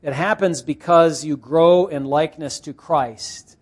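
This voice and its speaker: A male pastor giving a morning sermon in a conversational way, asking the congregation questions and laughing softly now and then. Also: on the high side, normal speed, few pauses. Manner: conversational preaching with rhetorical questions and soft laughs.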